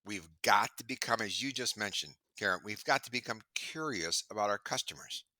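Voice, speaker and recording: Bright-voiced animated storytelling man. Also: on the low side, normal speed, no room sound. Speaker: sales trainer and podcast guest. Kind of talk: casual interview chat. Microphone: video call.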